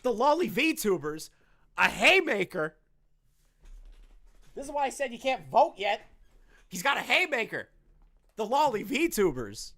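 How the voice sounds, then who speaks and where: A man's voice: very high-pitched, big pitch swings, a little slow, long pauses, pushed and bright, no echo. A man doing casual live-stream commentary on online drama, crude, profane and mocking in his delivery.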